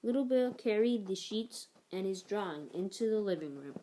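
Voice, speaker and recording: A woman narrating a children's picture book aloud in an expressive storytelling manner. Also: mid-range voice, slight background noise. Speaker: storybook reader.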